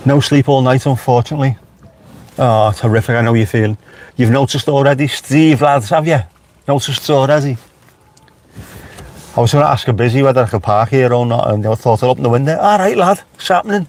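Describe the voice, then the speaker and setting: Here the Liverpool man sits in his car streaming live, his medium-pitched voice fairly quick, fairly even and a little mellow, broken by long pauses. The Merseyside native keeps it chatty and wry, talking back to the chat with dry asides for viewers.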